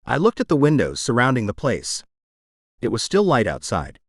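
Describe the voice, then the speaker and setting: A male narrator reads a first-person audiobook in a wry, conversational way, his pitch rising and falling widely. The recording is close and dry, with no room sound. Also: huge pitch swings, normal speed, dry recording.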